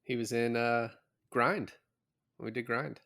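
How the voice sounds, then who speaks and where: A man's voice: medium pitch, steady tone, slow, gravelly, fairly bright tone. A man co-hosting a film podcast, recapping scenes in loose, profane casual chat and laughing as he goes. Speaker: podcast co-host. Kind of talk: casual movie-review chat.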